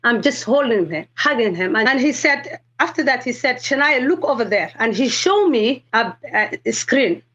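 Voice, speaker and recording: High-voiced excited woman from Somalia. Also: moderate pace, hardly any pauses. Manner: animated, excited storytelling with quoted dialogue. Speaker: guest sharing a conversion testimony. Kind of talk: emotional personal testimony.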